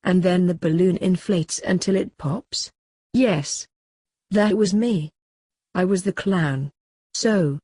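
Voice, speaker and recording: A woman reading a crude story aloud in a deadpan, sardonic manner. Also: fairly low pitch, no room sound, clean studio sound. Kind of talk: scripted story narration.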